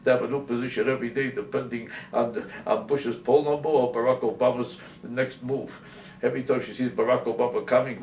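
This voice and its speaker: A man's voice: mid-range voice, a little mellow. Male comedian, sarcastic rant, roomy room sound, mic set back. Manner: indignant, rapid-fire, sarcastic. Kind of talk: comic rant to camera. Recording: roomy, distant mic, faint hiss.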